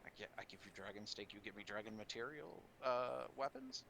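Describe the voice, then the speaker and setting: A man running a tabletop game as dungeon master, relaxed and chuckling, now and then cooing to his cat. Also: lowish voice, brisk, vocal fry, slight background noise.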